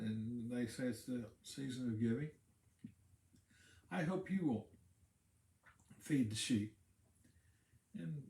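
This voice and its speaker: A man's voice: fairly low pitch, a little mellow. A man, a pastor, giving a casual Bible teaching talk, explaining in a conversational way and repeating words while he thinks. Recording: roomy echo.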